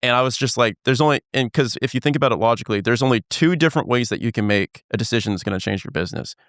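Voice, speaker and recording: A man hosting a podcast interview, telling a business story in an animated, casual way and swearing now and then. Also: mid-range voice, very fast, dry recording, studio quality. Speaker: podcast host. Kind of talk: conversational storytelling.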